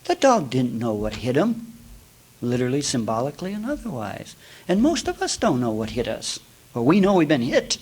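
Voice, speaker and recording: A man teaching yoga in a spiritual talk, telling folksy stories with jokes and swinging between loud and hushed. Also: mid-range voice, huge pitch swings, normal speed, breathy edge, poor audio. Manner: folksy, storytelling with jokes and asides.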